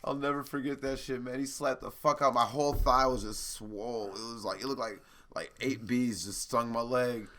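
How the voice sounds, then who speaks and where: A young man co-hosting a podcast, telling profane stories animatedly with loud laughs. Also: medium pitch, steady tone, moderate pace, few pauses. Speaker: podcast co-host. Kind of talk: casual chat.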